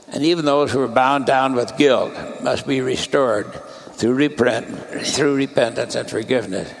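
A man delivering a sermon as a church leader, in a measured, deliberate preaching cadence. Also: mid-range voice, creaky, a little hiss or hum.

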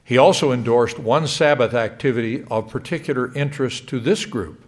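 A middle-aged man delivering a sermon to a congregation in a measured, emphatic way. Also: medium pitch. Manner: measured, lively rising emphasis. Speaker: church speaker.

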